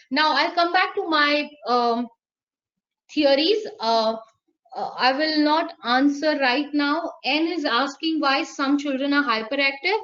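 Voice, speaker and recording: A woman's voice: high voice, fairly bright tone, lo-fi sound. A woman giving an online lecture to teachers, answering their questions and acting out examples with animation. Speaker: teacher trainer.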